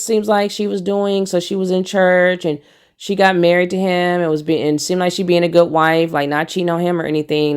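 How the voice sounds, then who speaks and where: Give me a low-pitched young woman doing emphatic, opinionated vlog commentary. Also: darkish tone. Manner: emphatic, preachy, repeats "no, no". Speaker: commentary vlogger. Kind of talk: casual commentary.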